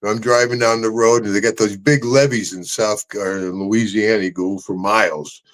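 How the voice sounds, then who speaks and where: A man co-hosting a casual talk show, telling animated road stories, laughing often and jumping high into voices when he quotes people. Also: moderate pace, poor audio. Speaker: podcast co-host, retired wrestler telling road stories. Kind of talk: casual storytelling chat.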